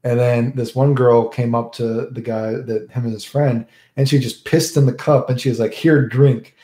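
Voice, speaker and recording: A man with a dark, steady, mid-range voice speaks at a moderate pace in an echoey room. Chatting casually on a stream, he rambles, answers viewer questions, and frequently adds "right?" to his sentences.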